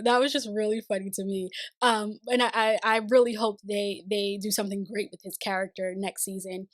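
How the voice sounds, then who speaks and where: A woman with a fairly high voice chats through a TV series review for her channel. She talks straight to her viewers in a casual, expressive way and laughs often. The sound is close and dry, with no room echo. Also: normal speed. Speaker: TV review vlogger. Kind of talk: casual spoken review to camera.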